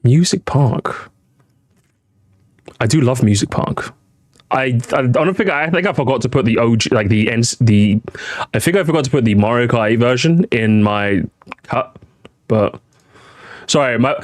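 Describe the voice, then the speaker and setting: A British man streaming live, reacting to videos and chatting to his viewers in a rambling, animated way. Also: medium pitch, no room sound. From Britain. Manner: animated, chatty, repeats himself, addresses chat. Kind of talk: casual live-stream commentary.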